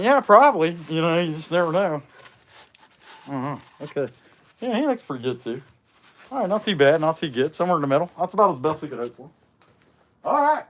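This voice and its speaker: A man's voice: fairly high pitch, big pitch swings, brisk, pauses often, rough recording. A man hosting a livestream while chainsaw carving, chatting casually in a rambling, folksy, grumbling way. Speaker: chainsaw carver and livestream host. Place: outdoor carving workshop. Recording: loud outdoor noise behind.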